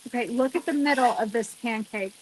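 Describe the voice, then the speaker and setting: A woman's voice: fairly high pitch, brisk, a little mellow, a little hiss or hum. A woman vlogger chatting casually as she cooks outdoors on her deck, talking straight to her viewers with lots of exclamations. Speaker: cooking vlogger. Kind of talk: casual chat while cooking.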